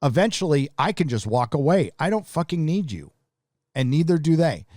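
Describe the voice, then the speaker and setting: A man's voice: on the high side, big pitch swings, normal speed, a little mellow, dry recording, studio quality. Man ranting bluntly with a raised voice. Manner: casual, with restarts. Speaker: live stream host. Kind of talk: live stream commentary.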